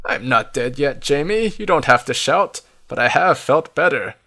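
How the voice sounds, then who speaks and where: A man's voice: medium pitch, expressive, moderate pace, creaky, pushed and bright, pitched above the performer's own voice, heavily acted. A weary storybook wizard, bruised but dry-witted, voiced by a man reading aloud. His speech is a bit raised and tired. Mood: wry. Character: weary injured male wizard mentor.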